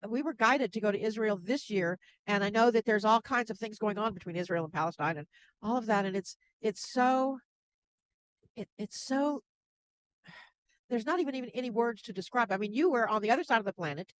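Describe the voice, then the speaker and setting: A woman guest who works as a spiritual channel, speaking gently and laughing softly between thoughts. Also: fairly high pitch, fairly quick, background noise. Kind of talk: casual interview chat.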